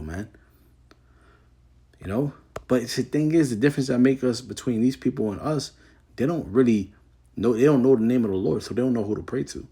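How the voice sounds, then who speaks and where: A man teaching from the Bible, reading scripture slowly and then explaining it in loose, casual slang. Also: medium pitch, creaky, mellow, slightly rough. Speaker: preacher.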